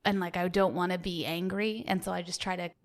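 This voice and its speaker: A woman's voice: fairly low pitch, fairly even intonation, fairly quick. A young woman in her twenties, a guest trying out as co-host, rambling and self-deprecating in a casual podcast interview. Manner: rambling, self-deprecating, trails off mid-sentence.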